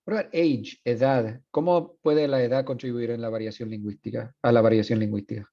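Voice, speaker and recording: A man's voice: medium pitch, fairly even intonation, quick pace, dull audio. A man in his thirties teaching a university class, switching between Spanish and English with frequent restarts. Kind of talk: classroom lecture.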